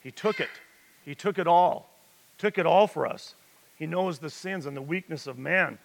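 A man's voice: on the high side, moderate pace, vocal fry, slight background noise. A man preaching a sermon, retelling scripture in a conversational storytelling way with emphatic rises. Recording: reverberant hall.

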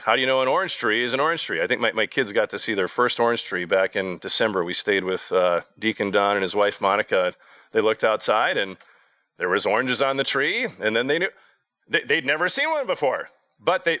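An earnest man preaching, his delivery halting and full of repeated words and restarts. His voice is bright and forceful, and the recording is close and dry with no room sound. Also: medium pitch, no echo. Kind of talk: sermon.

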